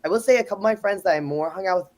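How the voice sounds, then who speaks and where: A man's voice: high-pitched, rapid-fire. A man on a live panel talking casually, telling stories and acting out what people said. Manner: animated storytelling, acts out quotes. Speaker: exchange student guest.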